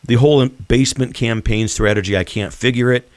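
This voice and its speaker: A man hosting a political commentary show, speaking in an emphatic, deliberate and mocking way. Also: mid-range voice, dry recording. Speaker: host.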